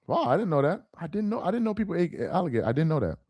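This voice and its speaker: A talkative live stream host reads his viewers' chat in a fairly high, husky voice that swings widely in pitch, delivered rapid-fire. He keeps circling back to the same point, repeating himself and laughing easily as he stays animated. The audio is dry and close, with no room echo.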